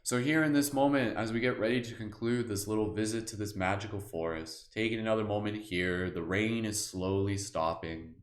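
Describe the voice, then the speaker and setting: A man gently leading a guided meditation, then chatting casually with his live stream viewers. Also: fairly low pitch, reverberant. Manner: slow, soft guiding voice, relaxed filler-heavy chat afterward.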